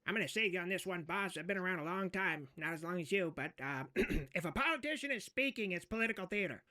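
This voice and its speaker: A man's voice: high-pitched, lively intonation, quick pace, bright, forceful tone, far from the mic. A man in a satirical comedy role-play, making crude jokes and laughing through his lines.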